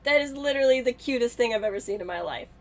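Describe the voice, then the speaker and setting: A woman's voice: on the high side, lively intonation, very fast. A woman streamer chatting casually and thinking aloud as she plays a game on a live stream.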